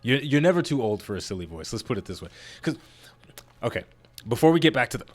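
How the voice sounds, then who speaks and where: A man's voice: medium pitch, big pitch swings, fast. A man casually commenting while he plays a video game, rambling, laughing often and poking fun at himself. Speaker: gaming YouTuber. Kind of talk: casual let's-play commentary.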